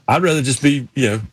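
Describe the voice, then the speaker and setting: A man's voice: medium pitch, sharp tone, slightly rough, no echo. A man in a casual sports chat, chatty and self-deprecating. He has a mid-range voice and is recorded close and dry. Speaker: co-host.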